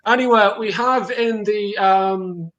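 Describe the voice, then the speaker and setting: A young Irish man with a County Clare accent hosts a relaxed livestream. His voice sits on the high side, and he chats easily, swears casually and reads out viewer comments as they come in. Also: takes it slowly, dull audio. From Ireland. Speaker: livestream host.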